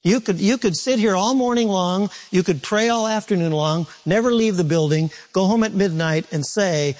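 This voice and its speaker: A man preaching a sermon to a congregation in an animated, conversational way, repeating points and turning to asides. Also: sits high, normal speed, few pauses. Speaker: pastor.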